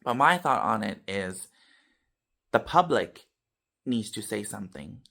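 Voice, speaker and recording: A man vlogging casually to his viewers, telling a story with animated swings between loud and soft, tagging lines with "you know" and "okay.". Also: lowish voice, measured pace, vocal fry. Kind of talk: casual talk to camera.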